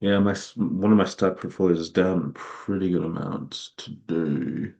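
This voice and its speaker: A young man streams while casually rambling about his investments, leaning heavily on "like." His voice is low-pitched, gravelly, and a little mellow at a moderate pace, heard through a dull lo-fi stream mic.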